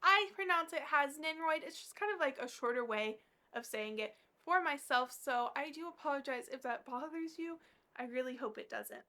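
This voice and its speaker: A woman chatting to camera as a regular vlogger, bubbly and gushing, with fillers scattered through her talk. Her voice sits high and sounds bright and crisp. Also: lively intonation, normal speed. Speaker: collector vlogger. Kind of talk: casual chat to camera.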